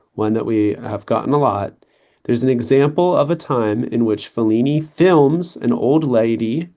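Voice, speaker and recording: Young guy tutor going over test answers, chatty, keeps asking right? okay?, mid-pitched voice. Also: darkish tone. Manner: conversational, checks in with "right?" and "okay". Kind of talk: explaining reading test answers.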